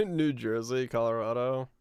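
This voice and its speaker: A male streamer chats loosely while puzzling over where he is, thinking out loud and swearing now and then. His voice is smooth and resonant at a middle pitch. The sound is dry and close, with no room around it. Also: expressive, measured pace, dry recording. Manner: laid-back, musing aloud, laughing often, swearing. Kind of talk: casual live-stream chat while playing a geography game.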